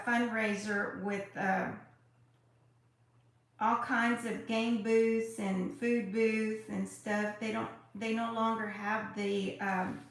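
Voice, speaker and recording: A woman's voice: fairly high pitch, vocal fry, a bit bright. A woman hosting a live crafting tutorial, chatty and effusive as she greets viewers by name. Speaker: craft livestream host. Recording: very echoey room.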